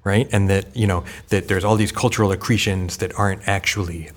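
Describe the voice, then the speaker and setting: A man's voice: sits low, fairly even intonation, fairly quick. A man co-hosting a podcast, speaking casually with wry sarcastic asides and frequent murmured agreement. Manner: wry, sarcastic asides, many "mm-hmm" backchannels. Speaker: podcast co-host. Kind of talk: casual discussion.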